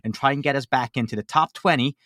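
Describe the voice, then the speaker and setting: A man puts on a chirpy, overdone American hype voice, pitched well above his own. It bounces with cheesy promo cheer, urging listeners to vote. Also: fast, a bit bright, no echo, clean studio sound, close to an everyday voice. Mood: cheery pitch. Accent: put-on American.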